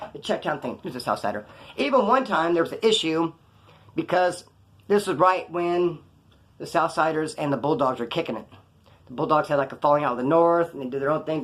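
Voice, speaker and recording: Fast-talking profane storyteller man. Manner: animated, profane, acts out quotes in a higher voice. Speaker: vlogger telling prison stories. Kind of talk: casual storytelling to camera.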